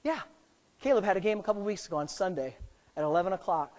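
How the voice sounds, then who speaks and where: A middle-aged man preaching a sermon as pastor, swinging from quiet, low asides to loud, fervent shouting. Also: lively intonation, quick pace.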